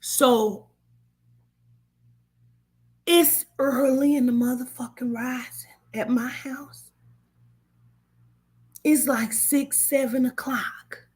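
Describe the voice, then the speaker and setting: A woman's voice: sits high, fairly even intonation, very slow, long pauses, a little mellow, husky. A woman who gives spiritual readings tells a personal story casually and bluntly, swearing often. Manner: blunt, swearing, acts out quoted voices. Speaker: spiritual reader.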